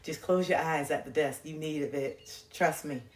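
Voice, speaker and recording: A woman's voice: sits low, normal speed. A woman livestreamer giving impassioned spiritual life advice, preachy and intense, swearing freely and repeating phrases for emphasis. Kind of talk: impassioned motivational monologue. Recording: echoey room with faint music.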